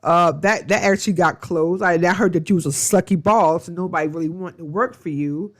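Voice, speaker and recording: A woman's voice: on the low side, brisk. Blunt, gossipy woman reviewer. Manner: blunt, profane, gossipy, rambling. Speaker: TV show reviewer. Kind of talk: casual gossipy review vlog.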